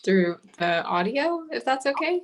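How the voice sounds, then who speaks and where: A woman's voice: high-pitched, sing-song, measured pace, slight background noise. A woman, a parent, speaking hesitantly on a video call with only her audio on, practicing beginner Spanish and laughing along.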